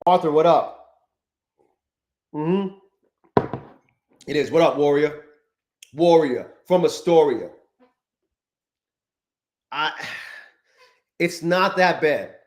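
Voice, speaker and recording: Profane, rambling man streaming live, slightly high. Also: lively intonation, drawn-out words, pauses often, darkish tone, reverberant. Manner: profane, rambling, greets chat viewers. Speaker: livestream host. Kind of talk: casual live-stream chat.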